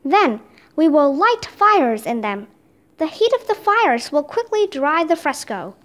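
A woman voicing a male master painter who shouts urgent commands in a children's storybook reading. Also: sits high, sing-song, unhurried, exaggerated voice. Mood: calm. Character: excitable man, a master painter. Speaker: master painter giving orders. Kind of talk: reading a children's book aloud.

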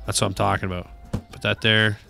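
A man's voice: lowish voice, fast, creaky, soft background music. A man giving casual, joking gameplay commentary, talking to the game's characters and swearing now and then. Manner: animated, joking, swears and talks to game characters. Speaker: gaming video creator.

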